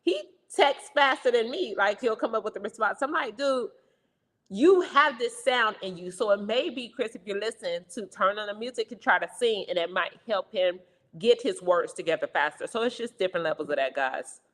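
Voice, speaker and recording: A young woman co-hosting a casual talk show, talking fast and loudly in an animated, energetic way. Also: medium pitch, big-room sound. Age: young adult. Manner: fast, loud, animated talker. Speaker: co-host, stroke survivor. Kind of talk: casual chat.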